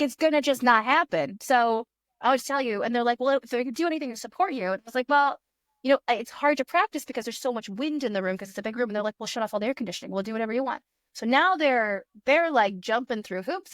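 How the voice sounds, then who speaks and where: A woman in her thirties, a magician guest on a podcast, telling an animated story and acting out her own past thoughts in quick voices. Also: fairly high pitch, dry recording, clean studio sound. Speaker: guest magician and fire eater.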